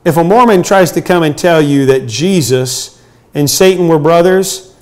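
A man's voice: fairly high pitch, normal speed. A middle-aged male pastor preaching a sermon, earnest and emphatic, with frequent hesitations.

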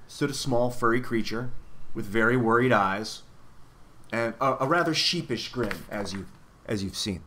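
A man reading a children's novel aloud with expressive storytelling. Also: mid-range voice, moderate pace, slight background noise. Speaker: reader.

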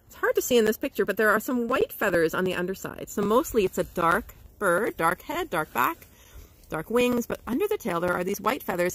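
A woman's voice: mid-range voice, fairly bright tone, slightly rough, no echo, rough recording. A woman educator giving a playful livestream nature lesson to schoolchildren. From Canada. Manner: bubbly, playful, imitates bird calls.

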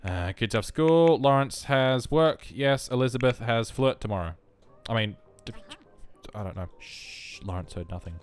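A man's voice: medium pitch, expressive, moderate pace, few pauses, clear, resonant tone, faint music behind. Young aussie guy chatting over his sims game, dry self-mocking jokes, voice bouncing all over. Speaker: let's play host. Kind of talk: casual gameplay commentary.

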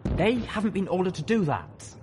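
A man's voice: high voice, lively intonation, normal speed, noisy background, pitched above the performer's own voice. A man voicing a desperate pony colonel pleading. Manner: pleading, bargaining.

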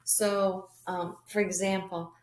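A woman teaching kindergarteners a reading lesson, speaking slowly and encouragingly straight to the children. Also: medium pitch, level tone. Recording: echoey room.

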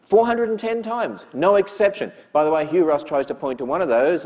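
A man's voice: medium pitch, darkish tone. A man gives an emphatic lecture to a church audience, often putting rhetorical questions to them. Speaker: speaker addressing a church audience.

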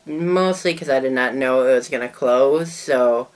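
A woman's voice: rumbling low, measured pace. A woman vlogger in a casual show-and-tell talk to the camera, chatty and rambling, often trailing off mid-sentence.

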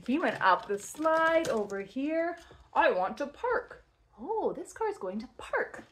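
A woman teaching toddlers first sentences, with playful, exaggerated, drawn-out words in a slow sing-song. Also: high voice, very animated, fairly bright tone.

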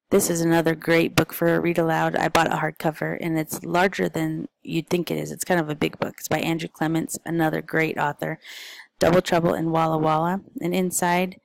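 A woman with a deep, slightly creaky voice talks casually through picture book recommendations, filling pauses with ums and uhs. Her delivery stays flat and even, with little rise and fall. The recording is close and dry, with no room sound. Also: dry recording, rough recording. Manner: chatty and informal, with frequent fillers. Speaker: parent.

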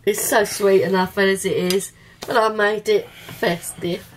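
Slow-talking middle-aged woman. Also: mid-range voice, steady tone, a little hiss or hum. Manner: unhurried, chatty, laughs often. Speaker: cooking vlog host. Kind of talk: casual home baking chat.

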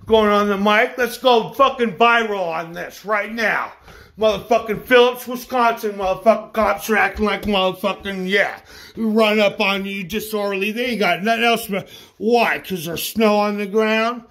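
A man with a high voice rants to his viewers, furious and full of swagger. He boasts and curses in nearly every phrase, challenging anyone listening. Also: a bit bright. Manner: boastful, aggressive, swearing constantly. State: angry. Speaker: vlogger ranting to camera. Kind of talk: profane angry rant.

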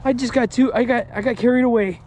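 High-voiced guy in his 30s rambling in the woods, swears a lot, gets super hyped, bit of background noise. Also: fast talker. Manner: excitable, rambling, swearing, jokey. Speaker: paranormal explorer vlogger. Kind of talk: casual outdoor vlog. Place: woods outdoors.

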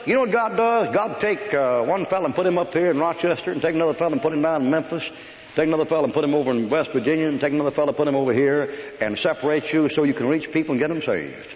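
A man preaching a folksy, joking sermon in a church hall, rattling off long lists at speed. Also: fairly high pitch. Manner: folksy, joking, rapid listing. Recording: echoey lo-fi old hall recording.

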